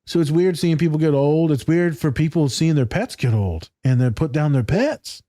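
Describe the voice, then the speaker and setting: Man, podcast host, from Michigan, warm dark tone, dry recording, animated profane storytelling. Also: on the high side, moderate pace, no room sound. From Michigan, USA. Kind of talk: casual podcast conversation.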